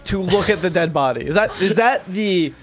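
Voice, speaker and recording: An easygoing man running a tabletop game as its game master, steering the players along. His voice is slightly high. Faint music sits in the background. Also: lively intonation, moderate pace.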